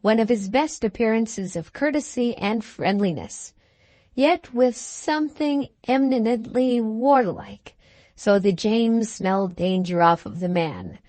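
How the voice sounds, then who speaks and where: A woman narrating an audiobook in a slow, deliberate reading. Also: medium pitch, darkish tone, no room sound.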